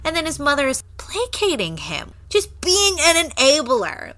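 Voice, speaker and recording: A woman's voice: high voice, very animated, measured pace, a bit bright. A woman co-hosting a podcast, chatting casually about a movie, swearing, laughing and getting worked up. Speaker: podcast co-host.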